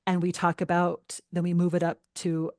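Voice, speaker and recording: A middle-aged woman speaks as a guest in a parenting interview, earnest and emphatic, her voice sitting low. The sound is dry and close, with no room around it. She grows animated when something bothers her. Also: moderate pace, no echo. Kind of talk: podcast interview.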